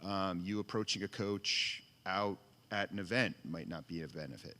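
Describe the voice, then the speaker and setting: Deep male panelist, earnest, stumbling restarts, long hall reverb. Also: normal speed, bright, forceful tone. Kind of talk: panel discussion.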